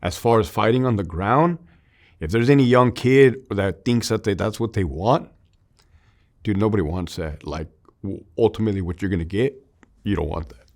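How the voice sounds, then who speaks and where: A man with a lowish voice shares his story openly in an interview, loose and conversational. He throws in "dude" and "like" all the time and swears freely, and the emotion stays raw under a plain telling. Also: normal speed, darkish tone. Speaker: interview guest, army veteran.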